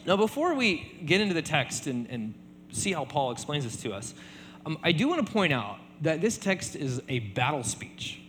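A man preaching a sermon in a relaxed conversational way, often checking in with "right?". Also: a little high, moderate pace, long reverb tail, slight background noise. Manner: conversational, many fillers and repeated tag questions. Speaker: pastor.

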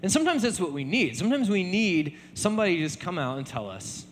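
A man preaching a sermon in a relaxed conversational way, often checking in with "right?". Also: high voice, a little fast, big-room sound, slight background noise. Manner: conversational, many fillers and repeated tag questions. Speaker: pastor.

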